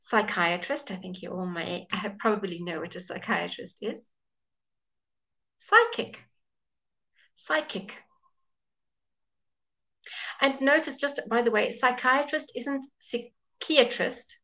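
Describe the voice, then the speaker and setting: A woman's voice: mid-range voice, normal speed, fairly bright tone, rough recording. A woman teaching a live online English pronunciation lesson, patiently modelling words and greeting viewers by name.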